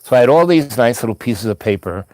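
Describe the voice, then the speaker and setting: A man's voice: medium pitch, expressive, quick pace, darkish tone, dry recording. Rambling male storyteller, dry close sound. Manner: meandering, full of asides and restarts.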